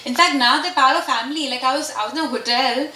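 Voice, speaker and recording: A woman speaking casually at a press meet, animated and chatty, answering questions with frequent laughter. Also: high voice, quick pace. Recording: echoey hall from far off.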